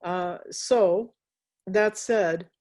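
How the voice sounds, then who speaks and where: An American woman answers interview questions in an unhurried, reflective way. She stops often, restarts her sentences and fills the gaps with small fillers. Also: medium pitch, darkish tone. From United States. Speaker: interviewee, graphic novelist. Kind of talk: casual interview conversation.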